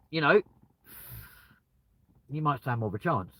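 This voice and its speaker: A man's voice: medium pitch, moderate pace, pauses often, a bit bright, no echo, poor audio. A British man chatting live from his car, joking and laughing at himself. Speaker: live streamer. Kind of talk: casual live-stream chat. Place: in a car with the window open.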